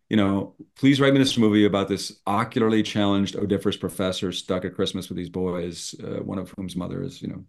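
A man's voice: on the low side, creaky, a little mellow. A middle-aged man, a screenwriter, telling a story in conversation and acting out both sides of old phone calls. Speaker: screenwriter guest.

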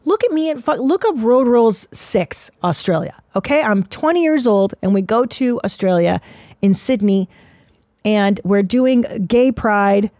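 A woman's voice: fairly high pitch, expressive, unhurried, darkish tone, dry recording, studio quality. A middle-aged woman hosting a podcast, ranting bluntly and sarcastically with lots of swearing. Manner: profane, blunt, sarcastic rants. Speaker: podcast host. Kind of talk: casual podcast chat.

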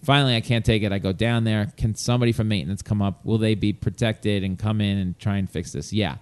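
A man from New York telling a long exasperated story in casual chat, animated and swearing. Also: on the low side, fast talker, clean tone.

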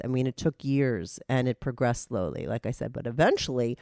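A woman's voice: extremely low pitch, animated, fairly quick, dark tone, dry recording. Woman podcast host, nasal from a cold, blunt and profane, dry close sound. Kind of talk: casual frank interview.

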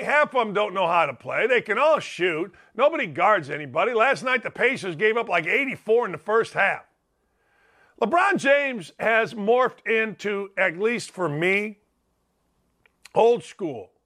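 This sports talk show host, a middle-aged man, speaks in a high, bright, forceful voice. His monologue is brash and meandering, and he keeps calling out to people in the chat.

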